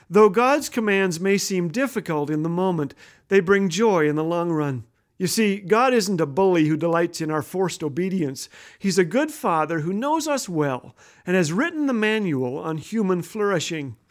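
Lively high-voiced man telling jokes. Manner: animated joke-telling with voiced characters. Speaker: radio host. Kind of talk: humorous devotional radio talk.

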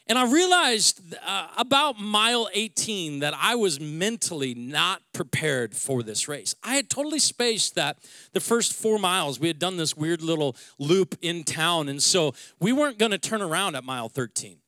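A pastor in his forties preaches in a loose, animated, conversational way, often restarting his sentences. His voice is bright and fairly high for a man. The sound is dry and close, with no room echo. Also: normal speed. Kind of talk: sermon with personal story.

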